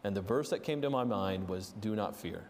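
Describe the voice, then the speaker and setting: Preacher in a reverberant hall. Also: male voice, fairly low pitch, moderate pace, darkish tone, slight background noise. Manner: earnest, storytelling with restarts and fillers. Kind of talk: sermon. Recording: long reverb of a large hall.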